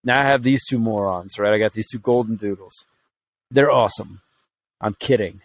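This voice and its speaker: A man from Alabama co-hosting a podcast in loose, casual chat. He talks bluntly, swears freely and jokes about his own life. His voice sits at an ordinary middle pitch. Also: moderate pace. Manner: blunt, profane, joking. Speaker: podcast co-host.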